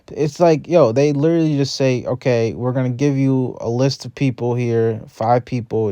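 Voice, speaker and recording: A man's voice: mid-range voice, warm tone, no echo. A man hosting a reaction video, giving casual, earnest commentary that builds into a rant.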